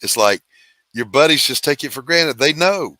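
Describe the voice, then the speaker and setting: A man's voice: medium pitch, expressive, moderate pace, sharp tone, no room sound. A middle-aged man hosting a casual live stream, telling laid-back stories and laughing often. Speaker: host.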